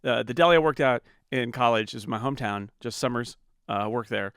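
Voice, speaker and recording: A man's voice: mid-range voice, a little fast, a bit bright, clear, resonant tone, no echo, studio quality. A middle-aged man from the United States, co-hosting a podcast in casual chat, telling stories with many restarts and fillers. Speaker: podcast co-host.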